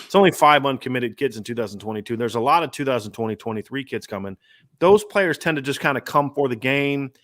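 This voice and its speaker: A man's voice: medium pitch, expressive, quick pace, a bit bright. A man hosting a sports podcast, talking in an emphatic, rambling way with many restarts. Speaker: podcast host. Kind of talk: casual sports talk.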